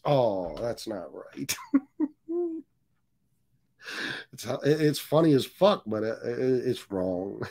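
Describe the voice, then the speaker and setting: A man's voice: mid-range voice, wildly swooping pitch, slow pace, pauses often, a little mellow. A man hosting a casual livestream, joking, cursing, and reading viewer comments aloud. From US Northeast. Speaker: livestream host.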